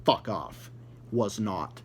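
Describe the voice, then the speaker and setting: A man's voice: fairly low pitch, animated, extremely slow, husky. A man ranting angrily at his viewers, swearing nonstop, repeating and stumbling over words, with a mocking, sarcastic edge. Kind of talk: angry profane rant.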